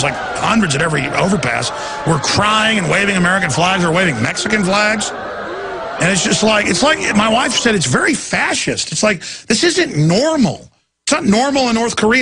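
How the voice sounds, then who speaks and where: A middle-aged man hosting a radio talk show, ranting emphatically and at times shouting. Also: high-pitched, gravelly, background noise. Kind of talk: impassioned talk radio monologue.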